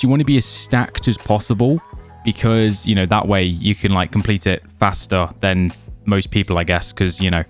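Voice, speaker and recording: Chatty young man with a lowish voice. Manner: chatty, loose, many fillers like "like" and "you know". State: slightly losing his voice. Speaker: gaming video creator. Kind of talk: casual gameplay guide commentary.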